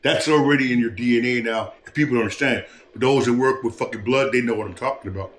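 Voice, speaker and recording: A man's voice: mid-range voice, fast talker, roomy sound, a little hiss or hum. A man talking in a preachy, rambling way, full of swearing and restarts, as a podcast guest. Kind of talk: casual street talk.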